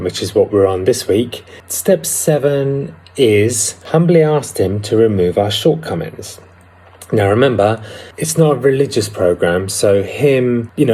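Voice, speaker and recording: Husky-voiced man talking candidly. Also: on the low side, a little mellow. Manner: candid and reflective, with some hesitations. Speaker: recovery vlogger. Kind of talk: personal talk on a twelve-step program.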